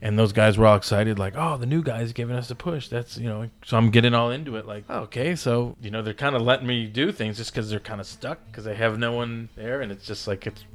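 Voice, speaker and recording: A man's voice: lowish voice, fairly even intonation, fairly quick, few pauses. A man in his fifties telling stories as a podcast guest, rambling and swearing casually. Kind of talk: casual storytelling in a podcast interview.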